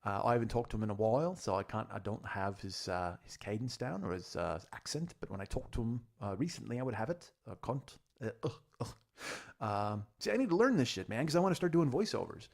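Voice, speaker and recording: A man in his forties riffs through a rambling comedy podcast monologue, profane and self-deprecating, tripping over his own restarts. His voice has a gravelly fry at a middle pitch. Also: expressive, fast, few pauses. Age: 40s. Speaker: podcast host.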